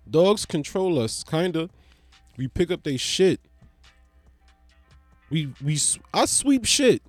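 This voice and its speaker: A man's voice: on the high side, dry recording. A man talking casually in a comedic vlog monologue, rambling and swearing as he jokes. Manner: rambling, profane, joking.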